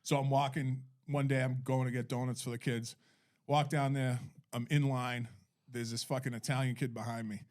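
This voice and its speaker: A man from Massachusetts, co-hosting a podcast and telling profane, animated stories in casual chat. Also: mid-range voice, normal speed. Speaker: podcast co-host.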